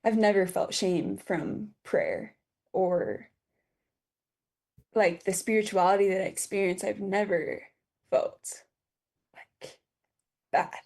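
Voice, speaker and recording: A woman in her twenties, a podcast guest, telling a personal story in a halting, emotional way with many fillers and restarts, near tears. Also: mid-range voice, expressive, creaky, a little mellow. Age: 20s.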